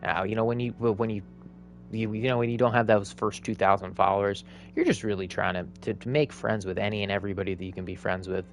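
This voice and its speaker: Male streamer, low-pitched and gravelly, upbeat rambling commentary over a game. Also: steady tone, fast, soft background music. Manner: chatty, upbeat, rambling asides.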